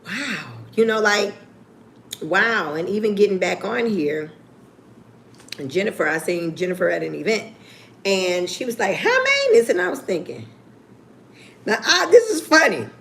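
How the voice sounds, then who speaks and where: A woman chatting casually on a livestream, candid and profane, with lively swings in her voice. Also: mid-range voice, unhurried, creaky, pauses often. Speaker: YouTuber.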